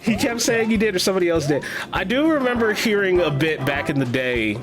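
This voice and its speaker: Game music plays as a man with a high, sing-song voice chats fairly quickly with his stream's viewers while gaming. He laughs often and swears freely.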